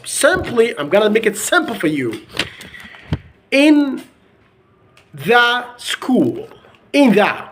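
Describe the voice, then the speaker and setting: A native Arabic-speaking man teaches young children American pronunciation, repeating each word again and again. He speaks slowly and his pitch rises and falls a great deal. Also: a bit bright. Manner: drills words by repeating them over and over. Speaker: English teacher.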